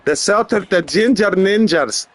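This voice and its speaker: A man's voice: sits high, lively intonation, a little slow, a bit bright, a little hiss or hum, pitched above the performer's own voice, exaggerated voice. A man voicing a rowdy, beer-loving brawler in a put-on Scottish accent, boisterous and bragging. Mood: rowdy boastful. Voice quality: boisterous, ends lines with "laddie".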